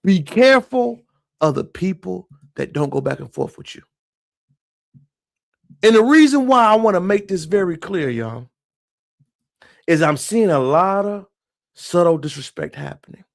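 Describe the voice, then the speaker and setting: Emphatic high-voiced male streamer. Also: lively intonation, measured pace, gravelly, pauses often. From moved to Texas from elsewhere. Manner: emphatic, preachy, keeps addressing viewers as y'all. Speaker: live-stream commentator. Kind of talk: impassioned live-stream commentary.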